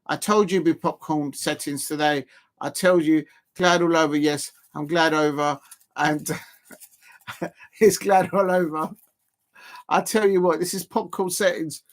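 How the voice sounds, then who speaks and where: A man's voice: fairly high pitch, steady tone, measured pace, pauses often. A man streaming a live football reaction, chatty and laughing, calling out his viewers. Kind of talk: live match reaction commentary.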